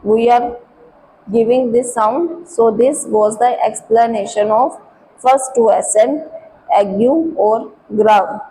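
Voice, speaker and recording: A woman with an Indian English accent teaching a French class, slowly explaining accents and repeating sounds and letters step by step. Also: fairly high pitch, dark tone, poor audio. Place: school classroom. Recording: faint background noise.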